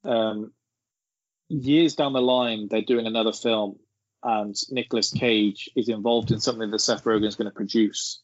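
A man's voice: lowish voice, fairly even intonation, normal speed, no echo. A man, rambling through an anecdote in casual podcast chat. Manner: rambling storyteller, laughing as he tells it. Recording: dull lo-fi sound.

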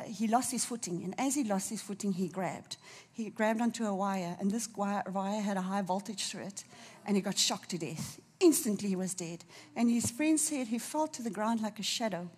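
A woman preaching a sermon, fervent and emotional, dropping to a soft near-whisper at tender moments. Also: medium pitch, husky.

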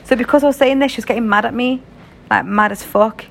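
Gravelly young British woman chatting. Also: a little high, fast. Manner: frank, swears freely, chatty slang. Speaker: vlogger. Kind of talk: casual storytelling chat.

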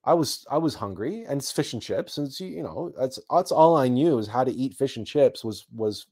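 A man from Canada recounting a childhood story in a reflective talk, halting often and repeating words with many fillers. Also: mid-range voice, expressive, darkish tone, slightly rough. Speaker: host.

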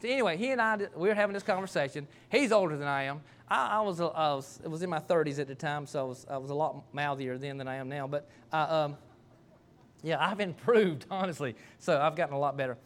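High-voiced middle-aged male pastor. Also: fast, fairly bright tone. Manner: folksy, conversational, self-deprecating storytelling. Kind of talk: sermon with personal story.

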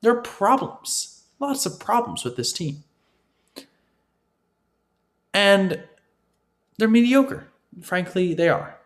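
Man, high-pitched animated voice, opinionated sports commentary, emphatic and repetitive. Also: slow. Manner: emphatic, repetitive, addresses listeners as folks, frequent "right?". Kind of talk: opinionated football analysis monologue.

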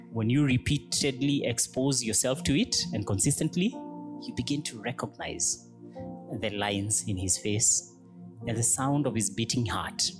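In a gentle, unhurried sermon, a man serving as pastor reflects aloud in a mid-range voice. He speaks in brief, fragmented phrases that build toward prayer.

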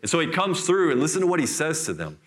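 A middle-aged man preaching a sermon in church, telling a scripture story with lively, acted-out voices. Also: a little high, quick pace. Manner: animated storytelling, acts out voices. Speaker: pastor.

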